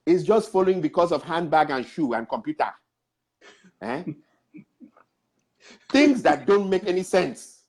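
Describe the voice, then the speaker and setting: A husky, lowish male voice delivers an impassioned, preachy exhortation to African men, urging them to change. Along the way he urgently acts out other people's words mid-story.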